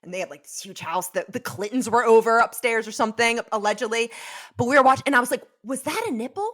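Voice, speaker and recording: Animated, irreverent woman podcast guest. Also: on the high side, fast. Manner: animated, irreverent, jokey storyteller. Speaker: podcast guest, social media creator. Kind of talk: casual interview chat.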